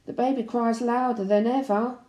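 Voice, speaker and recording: A woman reading a children's picture book aloud in an expressive, animated way. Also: on the high side, moderate pace. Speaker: storybook reader. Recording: roomy echo.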